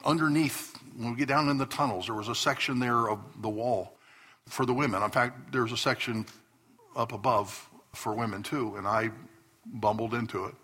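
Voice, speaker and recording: A man's voice: medium pitch, fairly even intonation, normal speed, fairly bright tone, husky. A man preaching a sermon to his congregation as pastor, telling stories with earnest bursts of emphasis. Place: church hall before a congregation.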